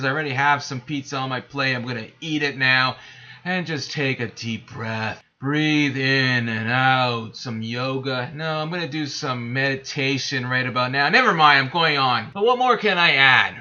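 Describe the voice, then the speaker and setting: A man hosting his own channel, delivering an angry solo rant to camera that swings up into shouting. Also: fairly high pitch, muffled recording. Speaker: YouTube host.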